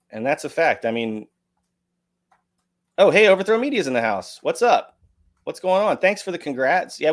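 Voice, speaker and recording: An American man hosting a live stream, reading chat messages aloud in a relaxed, joking way. His voice rises and falls animatedly as he rambles on. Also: fairly high pitch. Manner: lively, joking, chatty. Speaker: livestream host. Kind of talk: casual chat, reading donations.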